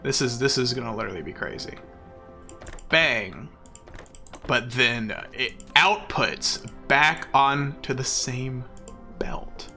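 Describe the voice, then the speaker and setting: Guy streaming a game, bright gravelly voice, goofy and braggy, laughs a lot, faint music behind. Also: medium pitch, slow pace. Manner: playful, mock-boastful, laughs often. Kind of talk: casual live-stream commentary while playing.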